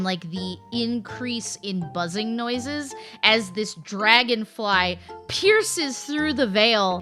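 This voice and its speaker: Bright-voiced woman running a tabletop game. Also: mid-range voice. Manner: lively, playful narration. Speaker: game master.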